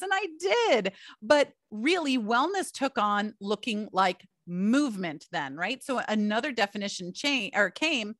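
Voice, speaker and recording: A woman's voice: medium pitch, very animated, measured pace, fairly bright tone, dry recording, studio quality. A middle-aged woman hosting a solo podcast, telling personal stories in a chatty way and calling her listeners "you guys". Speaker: podcast host.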